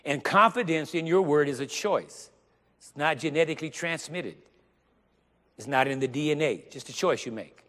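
A man preaching a sermon with emphasis, getting louder and slowing down on the words he stresses. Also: fairly high pitch. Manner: emphatic, rising to loud stressed phrases, slows down on scripture. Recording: long reverb of a large hall.

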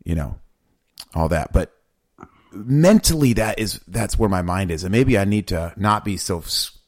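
Man, low voice, dry close sound, excitable rambling podcast co-host. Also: unhurried, no room sound. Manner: animated, rambling, many restarts. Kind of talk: casual faith discussion.

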